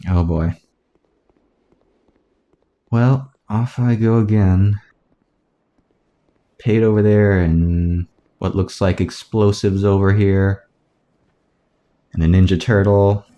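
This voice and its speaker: Low, slow-talking man musing over gameplay. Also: fairly even intonation, highs cut off. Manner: rambling, musing aloud with soft self-mocking asides. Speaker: let's play gamer. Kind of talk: casual gameplay commentary.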